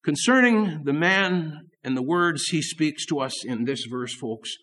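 A man preaching a sermon, earnest and repeating key phrases, swelling up and then dropping to soft asides. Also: on the high side, animated, a little slow. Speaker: pastor.

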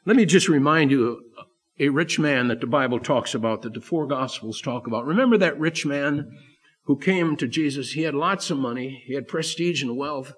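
A male pastor preaching a sermon to his church, emphatic, swinging between loud declarations and quiet asides. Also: mid-range voice, moderate pace, breathy edge.

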